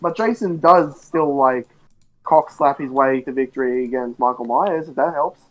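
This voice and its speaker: A man's voice: mid-range voice, normal speed, poor audio. Offhand, hesitant man chatting. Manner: offhand, hesitant, many fillers. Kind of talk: casual chat.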